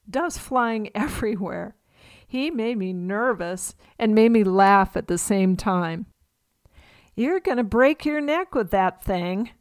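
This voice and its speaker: A woman in her sixties from California, an author reading her own memoir aloud for radio in a measured, expressive way. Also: medium pitch, smooth, no echo, clean studio sound.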